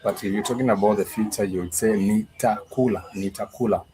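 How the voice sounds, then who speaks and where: A man with a fairly low voice teaches a live online language class. He thinks aloud as he goes and repeats phrases over and over, filling his pauses with ums and uhs and restarting his sentences. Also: fairly even intonation, darkish tone. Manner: repetitive, thinking aloud, many fillers and restarts. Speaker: Swahili teacher.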